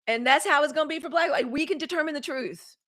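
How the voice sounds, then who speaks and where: A woman hosting a daily live news stream, talking in a sassy, animated way straight to her viewers. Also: high voice, fast. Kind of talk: casual live-stream commentary.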